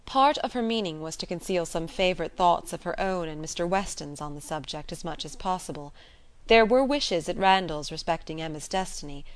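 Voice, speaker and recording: A woman narrating a novel in a calm, even way. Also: fairly low pitch. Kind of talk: audiobook narration.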